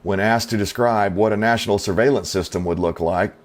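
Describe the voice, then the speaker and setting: A middle-aged man with a fairly low voice delivers opinionated commentary as host of his own channel. He talks in a folksy, skeptical way, peppered with rhetorical questions and casual fillers. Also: a little fast.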